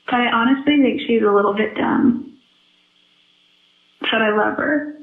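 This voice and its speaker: A woman's voice: a little high, measured pace. A woman in a casual, flirtatious phone chat, chatty and giggly. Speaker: caller on a recorded phone call. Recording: tinny echoey phone recording.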